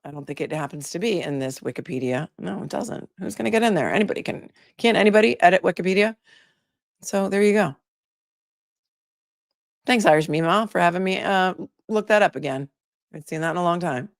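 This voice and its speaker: A woman's voice: lowish voice, a little fast, creaky, no echo, clean studio sound. A middle-aged woman hosting a livestream, reading viewer comments aloud and chatting back to them. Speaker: livestream host.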